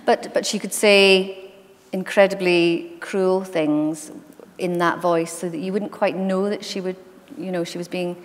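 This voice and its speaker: A woman's voice: fairly low pitch, measured pace. Woman author, chatty anecdotal talk, hall reverb. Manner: chatty, anecdotal, lively asides. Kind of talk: onstage conversation. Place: library event hall.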